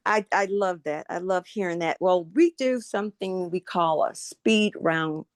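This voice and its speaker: A middle-aged woman co-hosting a podcast, upbeat, running a quick question round and repeating answers back. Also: lowish voice. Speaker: podcast co-host. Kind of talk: casual interview chat.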